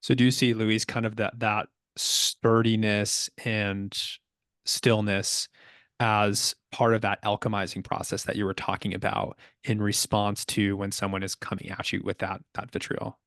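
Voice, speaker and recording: A man's voice: lowish voice, level tone, a little slow, fairly bright tone, no echo, studio quality. A man hosting a podcast, asking thoughtful and somewhat hesitant interview questions. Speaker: podcast host.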